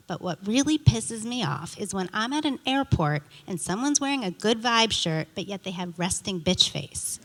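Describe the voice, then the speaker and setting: A middle-aged woman performing a stand-up comedy set, telling stories with animated, indignant quoted dialogue. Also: on the high side. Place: theater stage. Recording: reverberant theater hall.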